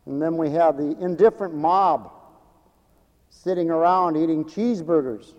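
A man preaching a sermon with dramatic swings from loud exclamations to hushed asides. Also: fairly high pitch, moderate pace, lo-fi sound. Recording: long echoing reverb of a large hall.

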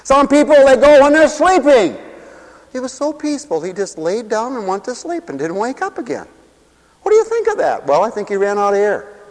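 A man's voice: very high-pitched, sing-song, brisk, darkish tone. A man preaching a humorous sermon in a theatrical way, laughing at his own jokes, in a hall with long reverb.

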